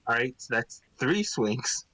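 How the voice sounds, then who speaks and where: A man's voice: mid-range voice, very animated, pushed and bright, no echo, rough recording. Swearing man at a game table. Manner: swearing, quick reactions. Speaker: player. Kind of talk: casual tabletop banter.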